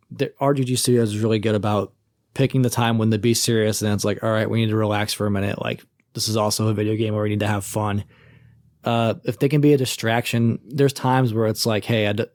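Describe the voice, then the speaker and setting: A man chatting casually as a podcast co-host, retelling scenes with lively swearing. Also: fairly low pitch, dry recording, studio quality. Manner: animated storytelling, acts out quoted characters, swears casually. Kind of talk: casual chat.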